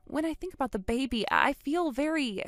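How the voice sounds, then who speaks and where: A woman's voice: high-pitched, expressive, fairly quick, fairly bright tone, dry recording. A woman voicing an earnest young aunt who pleads for her brother's baby, in scripted dialogue. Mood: pleading. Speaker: voice actor in a text-story drama.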